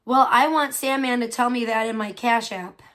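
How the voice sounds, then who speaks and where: Outspoken woman livestreamer, slightly high voice. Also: steady tone, moderate pace. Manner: outspoken, swears freely, reacts with loud disgust; chatty, full of fillers and questions to chat. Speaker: livestream host; parent of a young child. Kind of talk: casual chat reacting to viewers' messages.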